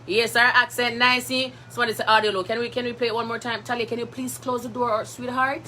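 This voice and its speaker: A woman with a Jamaican accent hosting a live stream, chatting with viewers in a lively, laughing way and slipping into patois. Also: on the high side, fast talker, a little hiss or hum. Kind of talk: casual live chat with viewers.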